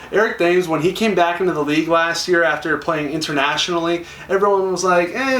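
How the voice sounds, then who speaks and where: A man's voice: a little high, fairly bright tone, recorded from a distance. A young man chatting enthusiastically to camera, acting out quoted lines. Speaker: YouTuber. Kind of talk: casual talk to camera. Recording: echoey room, a little off-mic.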